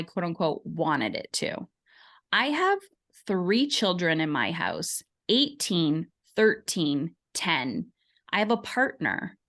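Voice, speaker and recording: Woman in her forties, podcast guest, lively storyteller who acts out quoted voices. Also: fairly low pitch. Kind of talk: conversational interview.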